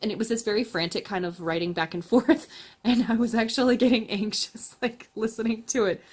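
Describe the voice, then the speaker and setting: A woman's voice: on the high side, fast talker. Chatty woman reviewing books. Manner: chatty, laughs often, self-correcting. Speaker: book reviewer, channel host. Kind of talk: casual book review chat.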